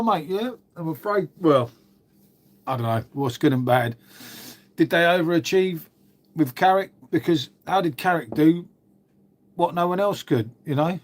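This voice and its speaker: A middle-aged man, hosting a livestream and chatting casually with viewers, laid-back and sweary, peppering his talk with mate and innit. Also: on the high side. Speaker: livestream host reading chat. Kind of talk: casual chat.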